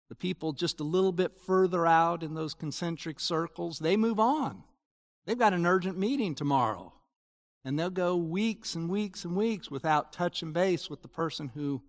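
A man preaching a sermon, his voice sitting high for a man. He talks slowly and earnestly, building to emphatic peaks, and the sound rings out through a hall with a long reverb. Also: fairly bright tone. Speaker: pastor.

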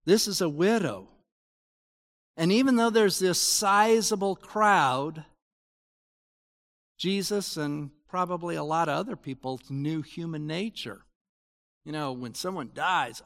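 High-voiced preacher in a reverberant hall. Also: male voice, a little slow. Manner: earnest preaching, rising to emphatic peaks. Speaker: pastor. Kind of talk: sermon.

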